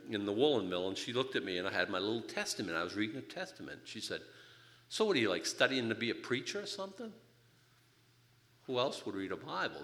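An older man preaching a sermon, telling his own story in an animated, joking way. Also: lowish voice. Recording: reverberant hall.

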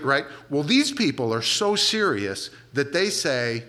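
A man's voice: on the high side, sing-song, unhurried, few pauses, pushed and bright. A man preaching a sermon, retelling a scripture story in a casual, conversational way.

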